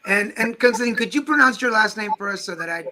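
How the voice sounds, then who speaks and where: A man's voice: high voice, animated, quick pace, very noisy. A man hosting a casual interview with a theatre cast, chatty and joking, with plenty of fillers. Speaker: interview host.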